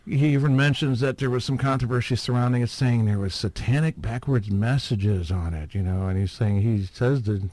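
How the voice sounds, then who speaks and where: A man's voice: fairly low pitch, moderate pace, hardly any pauses, a little mellow, dry recording. Rambling man talking in a dry room. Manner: rambling, hesitant, with frequent fillers and chuckles. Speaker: podcast host. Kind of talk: casual chat.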